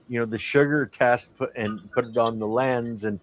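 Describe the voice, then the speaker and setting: A man's voice: mid-range voice, fairly even intonation, moderate pace. A man hosting a casual livestream chat, laid-back and chatty, thanking his guest and talking to the chat. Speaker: host.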